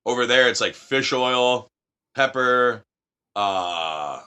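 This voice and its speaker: Bright-voiced, swearing American storyteller. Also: male voice, mid-range voice, slow pace, clear, resonant tone. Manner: profane, animated anecdotes. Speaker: guest. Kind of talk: casual chat, storytelling.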